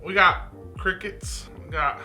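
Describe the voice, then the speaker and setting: A woman's voice: on the low side, slow, bright, forceful tone, soft background music, heavily acted. A woman putting on a teasing Texan drawl for a poor teenage girl. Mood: mocking drawl. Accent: put-on Texan drawl. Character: twangy poor teen girl mocking rich kids.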